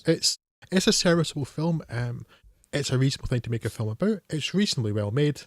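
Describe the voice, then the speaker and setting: A man's voice: mid-range voice, lively intonation, quick pace, dry recording, studio quality. A man co-hosting a film podcast, talking in a wry, hesitant way with many fillers. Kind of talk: casual film discussion.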